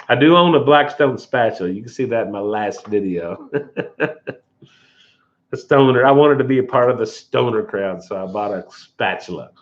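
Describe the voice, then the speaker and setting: A man's voice: lowish voice, muffled recording. A man hosting a casual live stream, rambling and folksy with frequent chuckles. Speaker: outdoor channel host.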